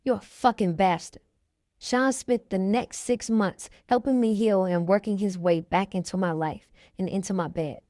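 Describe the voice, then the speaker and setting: A woman reading a memoir aloud in the first person, in a steady manner. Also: medium pitch, moderate pace, few pauses, dry recording, studio quality. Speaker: reader.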